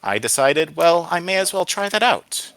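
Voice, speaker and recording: A man's voice: fairly high pitch, sing-song, moderate pace, gravelly, a bit bright, pitched above the performer's own voice, heavily acted. A man voicing a sly, ancient male wind spirit with a small voice, talking in a candid, wheedling way in a read-aloud story.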